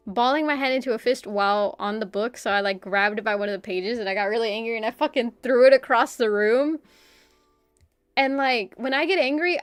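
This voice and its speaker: A young woman streamer chatting casually and telling a personal story, animated, swearing often and laughing between phrases. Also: fairly high pitch, no room sound.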